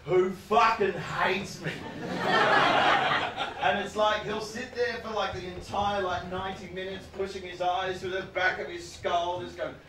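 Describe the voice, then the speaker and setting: A man delivers a stand-up set in a high, loud voice, swearing freely and mocking with relish. He sounds set back from the mic in a roomy club. Loud audience laughter and crowd noise surround him. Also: flat delivery, unhurried. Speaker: stand-up comedian. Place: comedy club stage with live audience. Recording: roomy, distant live-room recording.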